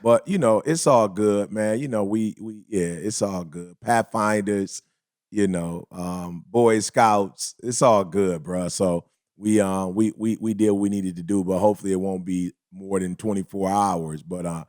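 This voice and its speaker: A man co-hosting a casual podcast chat, telling stories in a lively, slangy way and acting out other people's lines. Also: low-pitched, a little slow, no room sound, clean studio sound. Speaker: podcast co-host.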